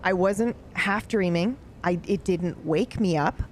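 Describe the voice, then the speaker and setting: A woman in her thirties telling a story from her own life in a casual, animated way, swearing freely. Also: fairly low pitch, a little slow, slight background noise. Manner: animated, swears freely, grows more excited. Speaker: streamer.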